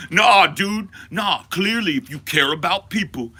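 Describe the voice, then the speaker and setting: A man's voice: high-pitched, expressive, unhurried, hardly any pauses, sharp tone, slightly rough. A man and podcast host in a profane, exaggerated comedic rant that swings into mock panic.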